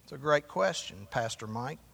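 A man's voice: medium pitch, lively intonation, moderate pace, gravelly, fairly bright tone, husky, big-room sound. A man, the pastor, preaching a sermon and asking the congregation for responses as he goes. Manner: preaching with call-and-response asides.

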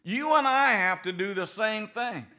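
A middle-aged man preaching a sermon in a folksy, animated way, swinging from loud bursts to soft, low passages. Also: measured pace. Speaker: pastor.

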